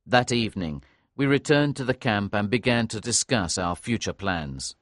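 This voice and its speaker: A man's voice: lowish voice, moderate pace, no echo. Man narrating a storybook, dry close sound. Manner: clear, lively storytelling. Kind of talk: scripted audiobook narration.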